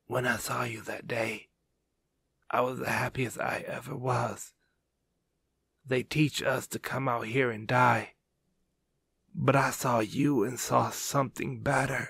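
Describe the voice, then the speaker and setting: Man as dying young male swordsman, hushed, gravelly, slow. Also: medium pitch, little pitch movement, no echo, exaggerated voice. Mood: tender. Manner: soft, hushed and breathy.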